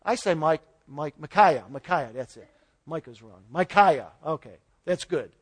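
A man's voice: fairly high pitch, expressive, measured pace, slightly rough. A man giving an informal Bible teaching, retelling the story in a folksy way with paraphrased dialogue and chuckles. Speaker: preacher.

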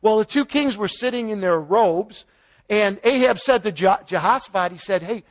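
A man's voice: high voice, lively intonation, moderate pace. A man giving an informal Bible teaching, retelling the story in a folksy way with paraphrased dialogue and chuckles. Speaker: preacher.

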